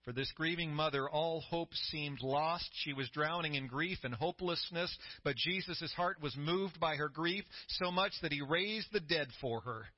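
A middle-aged man preaching a sermon as pastor, telling the story with growing excitement and a voice that climbs high. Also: moderate pace, hardly any pauses, no echo. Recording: dry, slightly dull sound.

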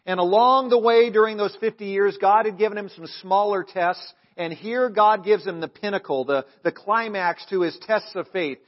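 A man preaching a sermon as pastor, emphatic, calling the congregation to answer back and dropping into quiet asides. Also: sits high, lo-fi sound. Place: church sanctuary.

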